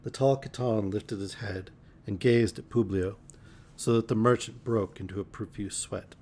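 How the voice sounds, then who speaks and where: A man reading a pulp fantasy novel aloud as a bedtime story, measured with occasional slips. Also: on the low side, steady tone, darkish tone.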